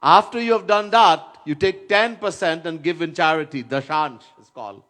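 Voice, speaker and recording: A man's voice: fairly high pitch, normal speed, a bit bright. A man giving a devotional lecture as a swami, telling stories and now and then chanting verses, stressing words by repeating them. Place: Trinidad.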